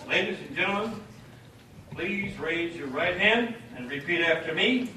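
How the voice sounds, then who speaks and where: A man leading a formal installation ceremony, speaking in a measured, ceremonial way as the outgoing president. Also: sits high, animated. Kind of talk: formal ceremony speech, reading an oath and charge. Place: large banquet hall, indoors. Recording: very echoey hall, from far off, with background noise.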